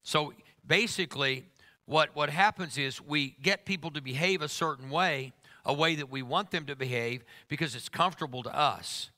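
Bright, teasing male preacher. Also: on the high side, normal speed. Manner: humorous, teasing, emphatic. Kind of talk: sermon.

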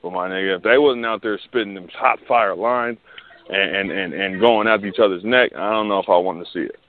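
A man's voice: deep voice, brisk. A man co-hosting a casual chat about battle rap, slangy and laughing often, repeating words as he goes. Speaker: podcast co-host. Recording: tinny phone-like line with faint hiss.

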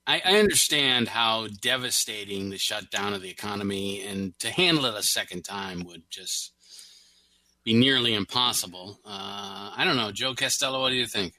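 A man hosts a talk radio show with a bright, forceful voice and puts measured questions to his guest. His tone is steady, and the sound is dry and close to the mic. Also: fairly low pitch, no echo, poor audio.

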